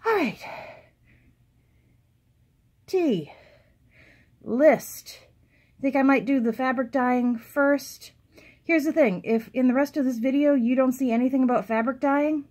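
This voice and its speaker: A woman talks casually to her viewers in a hobby vlog. She is chatty and self-deprecating. Her voice sits a little high. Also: animated, a little slow, long pauses, a little mellow. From United States. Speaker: cross-stitch vlogger.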